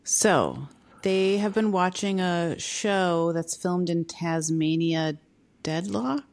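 A woman's voice: lowish voice, darkish tone. A woman co-hosting a podcast, casually reading out questions and chiming in with short replies. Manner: reads out questions, quick backchannels. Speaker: podcast co-host. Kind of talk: casual chat.

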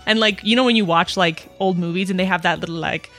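A woman's voice: lowish voice, quick pace, fairly bright tone, faint music behind. A young woman co-hosting a podcast with her father, chatty and giggly, with lots of "like" fillers. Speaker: podcast co-host, daughter. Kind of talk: casual chat.

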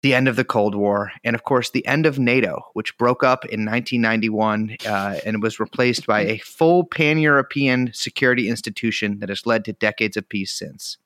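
A male podcast host delivering an ironic setup in a deadpan way. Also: fairly low pitch, moderate pace, few pauses, dry recording. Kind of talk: conversational podcast discussion.

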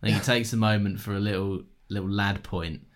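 A man's voice: fairly low pitch, flat delivery, brisk. A man co-hosting a casual podcast, dry and teasing, who swears casually. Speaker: podcast co-host. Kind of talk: casual chat.

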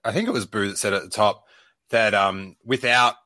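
A man with a New Zealand accent hosting a casual panel chat, halting and restarting often. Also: on the low side, sharp tone, no echo. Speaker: podcast host.

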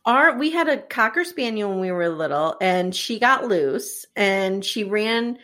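A woman's voice: medium pitch, lively intonation, unhurried, fairly bright tone. A woman co-hosting a podcast, chatting casually as she recaps episodes and acts out the characters' lines. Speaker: podcast co-host.

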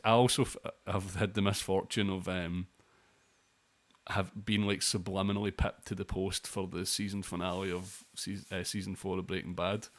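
A man's voice: low-pitched, little pitch movement, normal speed. Sweary man, rambling film chat. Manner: rambling, sweary, lots of restarts. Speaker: podcast co-host.

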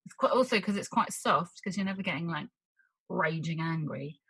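A chatty woman with a husky, slightly low voice tells anecdotes in relaxed conversation. She laughs easily and slips into quick impressions of herself. The sound is close and dry, with no room around it. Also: no room sound, rough recording. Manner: chatty, laughs often, acts out quotes. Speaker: actress guest. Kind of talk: casual chat.

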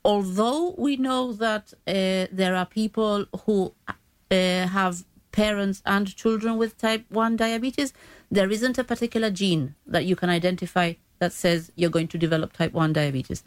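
A woman's voice: mid-range voice, measured pace, no echo. Woman explaining health facts. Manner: explains patiently with frequent restarts. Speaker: diabetes educator guest. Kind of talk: explanatory radio chat.

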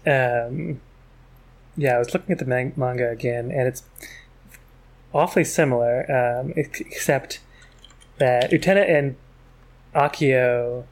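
A podcast co-host in casual chat, summarizing a story in a halting way with many fillers and restarts. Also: medium pitch, a little mellow.

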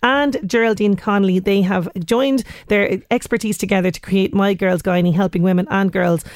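Irish woman in her late 30s on radio, chatty and animated, dry close mic. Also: medium pitch, moderate pace, no room sound. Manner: chatty, animated, acts out voices. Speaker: radio presenter. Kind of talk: casual radio chat.

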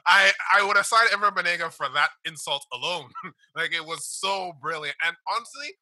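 A man's voice: high voice, fairly quick, sharp tone, dry recording, rough recording. A man co-hosting a casual football podcast, talking emphatically and laughing often. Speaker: podcast co-host.

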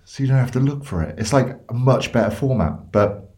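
A man's voice: mid-range voice, expressive, a little fast, a little mellow. A man, co-hosting a casual podcast, chatty and laughing at his own jokes. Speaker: podcast co-host. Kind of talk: casual chat, telling a joke.

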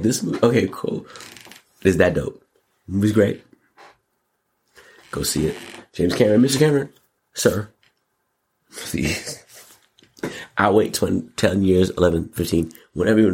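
Deep husky man hyping a movie. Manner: animated, slangy, repeats words for emphasis. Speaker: show host. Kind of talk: casual movie review monologue.

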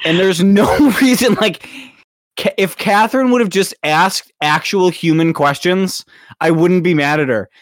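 A man's voice: high-pitched, a little slow, dry recording. A man co-hosting a podcast, talking in casual chat with exasperated, swearing rants. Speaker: podcast co-host.

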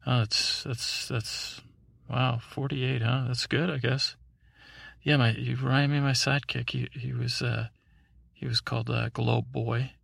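A man voicing a mellow, mumbling superhero in a sleepy bedtime story. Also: fairly even intonation, unhurried, creaky, husky, no echo, heavily acted. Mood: flat. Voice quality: mumbling, low-key.

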